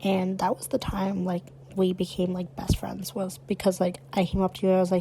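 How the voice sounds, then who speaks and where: A woman's voice: fairly low pitch, monotone, a little fast, background noise. A woman co-hosting a podcast, talking earnestly and supportively in casual chat. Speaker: podcast co-host.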